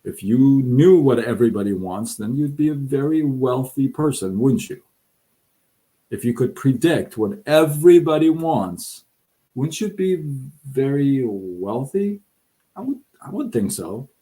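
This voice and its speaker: A man's voice: mid-range voice, lively intonation, unhurried, dark tone. A middle-aged man hosting a live show, giving blunt, emphatic advice to viewers and acting out what people say, stumbling over words now and then. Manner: blunt and emphatic, acts out quotes, stammers on words. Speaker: host of a live side-income show. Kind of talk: direct motivational talk to viewers.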